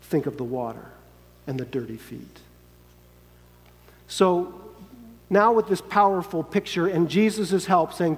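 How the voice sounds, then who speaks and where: A man's voice: a little high, expressive, a little slow, long pauses. A man preaching a sermon in an earnest, emphatic way, sometimes acting out quoted lines. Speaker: pastor. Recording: long hall reverb.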